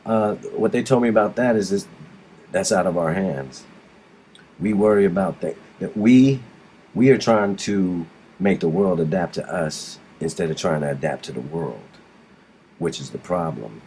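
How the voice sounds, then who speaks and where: Man, middle-aged, extremely deep voice, rambling storytelling, restarts, blunt, faint background noise. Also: normal speed, mellow. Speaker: guest describing alien abduction. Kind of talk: casual storytelling in a recorded interview.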